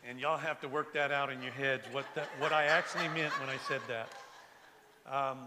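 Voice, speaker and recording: A man's voice: medium pitch, steady tone, moderate pace, pushed and bright, in a large hall. An older man preaching a sermon in a church sanctuary, talking with the congregation, asking them to raise their hands and often restarting his sentences. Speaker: pastor.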